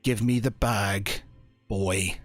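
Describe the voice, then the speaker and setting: A man voicing a stern male High Paladin, a commanding holy warrior, with a gruff, urgent manner. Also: steady tone, slow pace, no room sound, soft background music. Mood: threatening.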